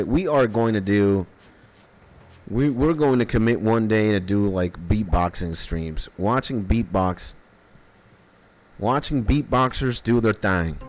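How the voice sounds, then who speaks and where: Faint retro game music plays as a streamer talks casually over live gameplay in a lowish, slightly mellow voice. He tends to ramble, laughing a lot and occasionally swearing.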